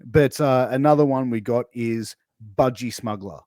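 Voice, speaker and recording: A man's voice: mid-range voice, moderate pace, few pauses, warm tone, no room sound, studio quality. A man with an Australian accent hosting a casual podcast interview, joking and laughing as he quizzes his guest. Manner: jokey, laughs often, slips into put-on slang voices. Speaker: podcast host.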